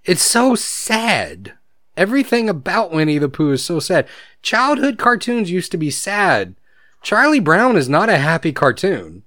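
A man's voice: sits high, sing-song, unhurried, pushed and bright, no room sound, studio quality. Rambling, laughing podcast guy. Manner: rambling storyteller, laughs often. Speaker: podcast co-host. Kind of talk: casual podcast chat.

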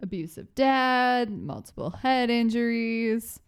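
A woman's voice: on the high side, expressive, slow, smooth. A woman co-hosting a casual true-crime podcast, sarcastic and full of "like" fillers. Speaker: podcast co-host.

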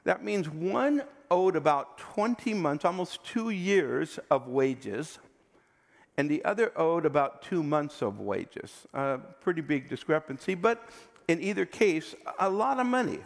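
A man preaching a sermon with emphatic delivery that often sinks to a quiet, intense tone. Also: fairly high pitch, animated, measured pace, gravelly. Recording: long hall reverb.

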